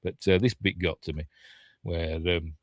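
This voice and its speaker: Low-voiced Yorkshire man rambling on. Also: steady tone, moderate pace, dry recording, clean studio sound. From Yorkshire, England. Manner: rambling, thinks aloud, self-correcting. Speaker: film reviewer. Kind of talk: casual watch-along film commentary.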